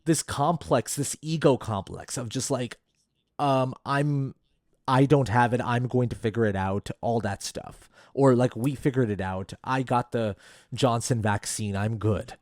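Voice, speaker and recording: A man's voice: mid-range voice, measured pace, no room sound, studio quality. A man co-hosting a casual movie podcast, rambling with lots of fillers. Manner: animated, rambling with many fillers. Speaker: podcast co-host.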